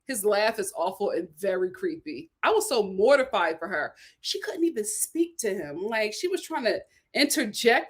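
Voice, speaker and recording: A young adult woman hosting a casual livestream, reading viewer comments aloud in a chatty, animated way and laughing often. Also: a little high, moderate pace. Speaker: YouTube show host reading super chats.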